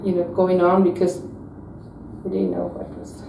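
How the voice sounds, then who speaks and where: An older woman from South Texas, slowly and reflectively remembering her childhood in an oral history interview. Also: fairly low pitch, sing-song, mellow. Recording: roomy, distant mic with faint noise.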